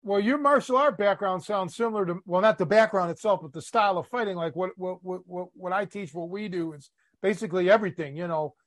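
Brash podcast host from Chicago. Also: male voice, high-pitched, brisk. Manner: brash, teasing, swears casually. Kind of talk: casual podcast chat.

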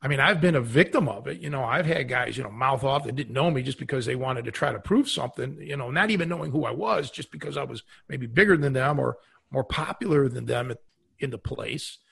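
Gravelly husky-voiced man, casual advice. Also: mid-range voice, fairly quick, a bit bright. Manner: conversational, many fillers, earnest advice. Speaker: podcast co-host. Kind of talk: casual podcast talk.

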